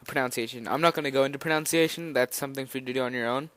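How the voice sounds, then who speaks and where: Nervous young man teaching, smooth dry voice. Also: mid-range voice, racing, a bit bright, no echo. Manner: nervous, rambling, hesitant with fillers and restarts. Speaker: language teacher. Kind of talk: informal spoken lesson.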